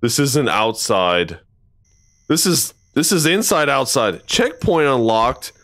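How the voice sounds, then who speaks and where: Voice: mid-range voice, big pitch swings, slow pace, fairly bright tone, dry recording, clean studio sound. A streamer giving live commentary on a horror game, swearing often, thinking aloud and jumping at scares.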